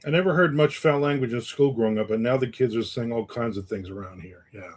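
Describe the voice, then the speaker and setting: A man's voice: medium pitch, quick pace, hardly any pauses. Joking, rambling man in his fifties. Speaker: host. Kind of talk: casual livestream chat reading comments.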